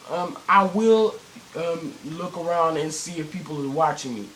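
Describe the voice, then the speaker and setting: A man's voice: a little high, normal speed, a bit bright, slight background noise, poor audio. A teenage boy telling a story in a casual vlog, rambling with many fillers and restarts and plenty of cursing. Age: teens. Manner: cursing, slangy.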